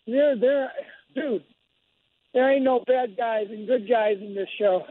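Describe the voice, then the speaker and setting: A man's voice: extremely high pitch, steady tone, unhurried, no room sound. A man calling in to a radio show as a guest actor, talking in a brash, jokey, argumentative way. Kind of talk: casual phone interview. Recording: tinny phone line, faint noise.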